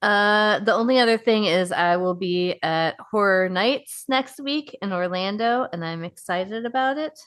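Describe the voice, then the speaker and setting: A woman's voice: medium pitch, measured pace, few pauses, a bit bright, clear, resonant tone. A woman co-hosting a podcast, chatting casually with many fillers and frequent swearing. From upstate New York. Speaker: podcast co-host. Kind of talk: casual chat.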